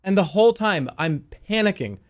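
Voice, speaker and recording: Young guy rambling thru a crazy dream story, swears a ton, voice kinda higher, keeps yelling out the panicky bits. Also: lively intonation, moderate pace. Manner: rambling, swears a lot, restarts, jumps into loud panicked quotes. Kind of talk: casual storytelling, recounting a dream.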